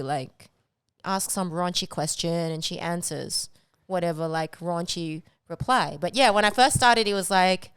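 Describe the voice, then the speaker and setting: A woman's voice: mid-range voice, fairly bright tone, smooth, no room sound. A woman guest on a podcast, chatting casually and filling her talk with "like". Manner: chatty, heavy use of "like". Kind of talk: casual chat.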